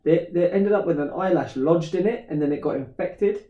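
A man's voice: a little high, moderate pace, highs cut off. A man, chatting casually, teasing and swearing. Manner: casual, swears, teases his friend. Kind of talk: casual chat. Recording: roomy sound, mic a bit distant.

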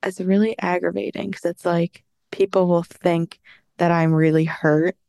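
A frank, wry woman co-hosting a podcast, talking in a slightly low voice. The recording is dry and close, with no room echo, and she drops casual swears into her stories. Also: steady tone, a little slow, gravelly, a little mellow. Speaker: podcast co-host. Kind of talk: casual chat.

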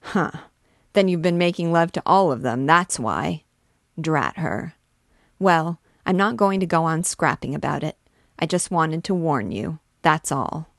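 A woman's voice: low-pitched, animated, measured pace, gravelly, dry recording, clean studio sound, heavily acted. A woman reading the part of a blunt, plain-spoken young wife who scolds her husband. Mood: scolding.

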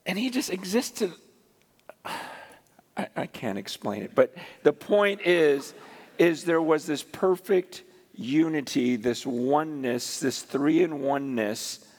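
A middle-aged man preaching a sermon in a conversational, animated way, acting out the voices he quotes. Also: fairly high pitch, slow pace. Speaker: pastor. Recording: long hall reverb.

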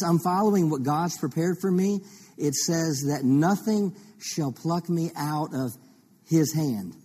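Male pastor, mellow husky voice, teaching sermon full of rhetorical questions. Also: fairly high pitch. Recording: long reverb of a large hall.

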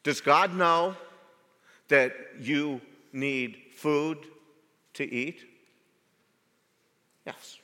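Slow-preaching man in a reverberant hall. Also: on the high side, pushed and bright. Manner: measured delivery, rising to emphatic rhetorical questions. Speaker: pastor. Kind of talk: sermon.

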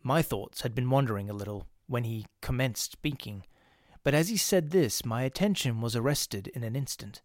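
Steady male ghost-story narrator. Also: medium pitch, moderate pace, dry recording, clean studio sound.

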